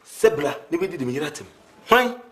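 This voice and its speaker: Brief: actor playing an angry Ghanaian husband; high pitch, lively delivery. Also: male voice, fairly quick. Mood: indignant. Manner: indignant, questioning. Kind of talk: Ghanaian film drama acting.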